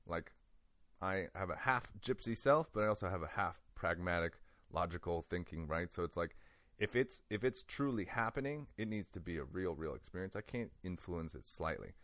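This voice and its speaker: A man with a very low voice tells a personal story in loose, casual talk, laughing often and filling his sentences with "like". The sound is dry and close, with no room around it. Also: moderate pace, dry recording. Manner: animated, laughs often, many "like"s. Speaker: guest.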